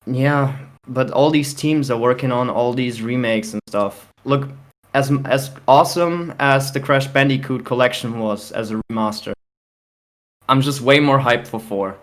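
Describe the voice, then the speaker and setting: A man's voice: mid-range voice, a little slow. A young man co-hosting a casual gaming podcast, opinionated and emphatic, grumbling about trends. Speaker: podcast co-host.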